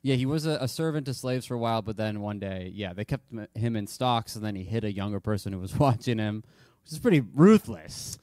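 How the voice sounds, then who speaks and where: A man's voice: lowish voice, lively intonation, brisk, a little mellow, no room sound. A man co-hosting a casual comedic history podcast, laid-back, chiming in with dry quips and short agreements. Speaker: podcast co-host.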